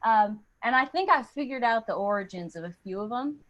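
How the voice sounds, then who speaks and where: A young woman performs stand-up online with a slightly high voice and a playful, storytelling manner. She drifts into silly accents as she riffs, heard through a video-call mic. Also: animated, fairly quick, a bit bright. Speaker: stand-up comedian. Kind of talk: stand-up set. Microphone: computer mic on a video call.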